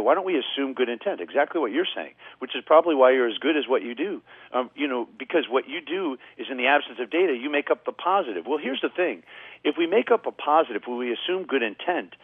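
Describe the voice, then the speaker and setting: A man's voice: mid-range voice, slightly rough, no room sound. A man, a guest communication trainer, explaining on a radio show and acting out quoted people in his stories. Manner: animated storyteller, acts out quoted people. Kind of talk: radio interview, explaining with anecdotes. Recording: tinny phone line, dry.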